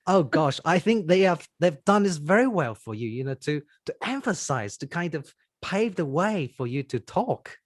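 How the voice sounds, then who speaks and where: Host asking questions, husky voice, bouncy intonation, encouraging and laughs along. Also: mid-range voice, very animated, moderate pace, few pauses, no echo, studio quality. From Taiwan. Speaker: podcast host, interviewer. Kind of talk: casual interview chat.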